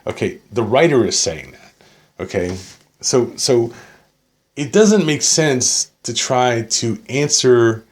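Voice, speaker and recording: A man's voice: medium pitch, expressive, slow. A man reading an article aloud and arguing with it point by point, sarcastic, often tagging his points with "okay?". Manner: sarcastic asides. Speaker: political commentator.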